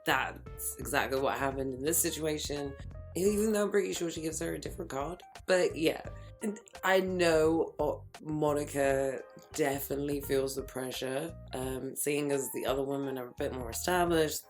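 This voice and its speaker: A woman, recapping a reality TV episode in an animated, gossipy casual chat full of quick asides and laughter. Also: low voice, faint music behind.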